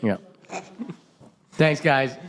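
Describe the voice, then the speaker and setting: A man hosting a casual podcast chat, joking crudely and swearing, and sometimes shouting in shrill mock voices. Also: drawn-out words. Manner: loud, swearing, mocks parents in shrill voices. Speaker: podcast host.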